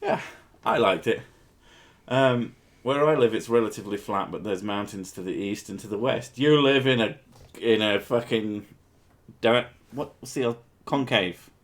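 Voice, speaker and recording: A man's voice: on the low side, normal speed. A man hosting a casual livestream, reading viewer comments aloud with crude jokes and frequent laughter. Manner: crude, joking, laughs often. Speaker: streamer host.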